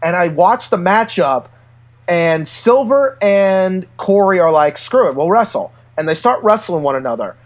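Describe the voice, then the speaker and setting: Male co-host with a high voice, an animated storyteller who laughs often. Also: measured pace. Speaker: podcast co-host. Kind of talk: casual chat.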